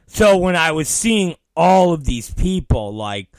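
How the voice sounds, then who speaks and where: A man hosting his own talk show, ranting and storytelling with heavy swearing, swinging between loud outbursts and muttered asides, often laughing. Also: a little high, big pitch swings, unhurried, no room sound. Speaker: podcast host. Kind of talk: profane comedic ranting.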